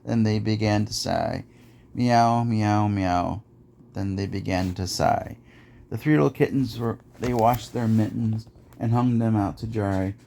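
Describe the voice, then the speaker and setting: Low, gravelly man reading rhymes. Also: moderate pace, mellow, slight background noise. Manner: rhythmic sing-song reading. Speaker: podcast host. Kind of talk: reading nursery rhymes aloud.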